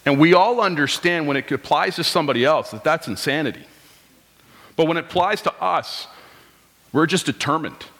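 A pastor in his thirties preaches in a church sanctuary at a moderate pace, his expressive voice on the high side and a bit bright. His conversational sermon features rhetorical questions and quoted lines from the congregation, heard with long hall reverb.

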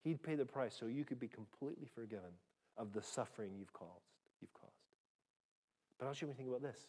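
A man preaching a sermon as pastor, rising loud and high when reading scripture and dropping soft and low when he applies it. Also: fairly quick. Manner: dynamic preaching, pitch and volume rising sharply when reading scripture aloud.

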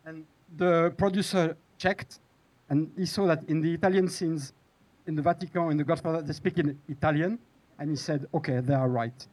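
Halting man telling a panel story. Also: fairly high pitch, fairly even intonation, darkish tone, low-quality recording. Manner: halting, many restarts and fillers. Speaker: TV screenwriter on a panel. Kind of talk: hesitant panel talk.

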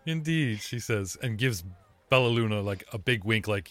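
A man's voice: on the low side, animated, normal speed, a bit bright. A man running a tabletop game as game master, joking with players and narrating scenes. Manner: jokey, puts on many character voices.

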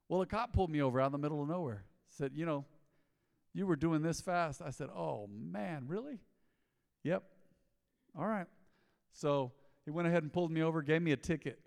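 Pastor, male, somewhat high voice, animated storyteller preaching in a big reverberant sanctuary. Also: smooth. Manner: storytelling, animated, acts out dialogue. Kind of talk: sermon. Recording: long hall reverb.

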